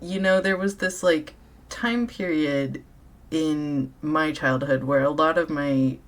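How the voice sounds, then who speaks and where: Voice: mid-range voice, slow, fairly bright tone. A speaker giving casual, earnest commentary and reflecting aloud between passages of a reading.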